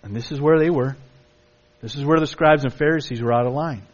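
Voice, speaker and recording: A man preaching a sermon, emphatic, with a middle-pitched voice. He reads scripture aloud and sometimes mimics excuses in a raised tone. The recording sounds slightly dull. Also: fairly quick. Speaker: pastor.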